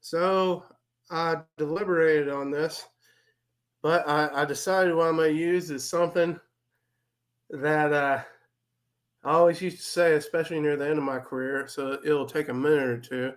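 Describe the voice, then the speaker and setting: A plainspoken man in his forties, a retired army first sergeant, talks candidly as a guest. His voice sits a little high, and he often stops to restart a thought. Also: steady tone, moderate pace. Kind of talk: casual interview talk.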